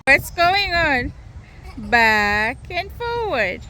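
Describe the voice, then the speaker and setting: A woman's voice: fairly high pitch, takes it slowly, pushed and bright. A mother filming a casual family vlog outdoors at a park, chatting in a sing-song, cheerful way to her children. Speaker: vlogger mother. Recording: noisy outdoor phone audio.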